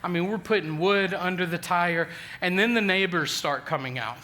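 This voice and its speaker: A man in his forties delivers a sermon with a high, bright and ringing voice. He is an animated storyteller who pokes fun at himself and often restarts his sentences as he works toward his point. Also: normal speed. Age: 40s. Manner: animated, self-deprecating storyteller with frequent restarts. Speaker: pastor.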